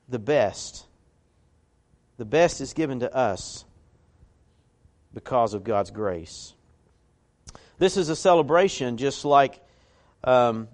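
A man preaching a sermon as pastor, in a folksy, conversational way that climbs to emphatic peaks. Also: mid-range voice.

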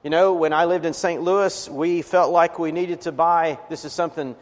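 A pastor delivers a sermon, earnest and pressing hard on key words. His voice sits on the high side for a man. The sound carries a long reverberant tail, as in a church sanctuary. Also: fairly even intonation, normal speed. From Appalachian region of the US. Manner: earnest preaching, emphatic swells on key words. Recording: reverberant hall.

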